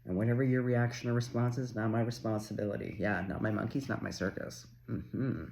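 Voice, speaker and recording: A man from Canada doing a casual, chatty tarot reading, excitable and quick to swear. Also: on the low side, gravelly. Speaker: tarot reader.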